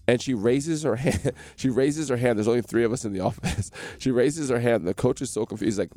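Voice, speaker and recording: A man from New Jersey, a guest in a radio studio, telling his story with animated energy and acting out the voices of the people in it. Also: on the low side, brisk, soft background music. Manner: animated, acts out quoted voices.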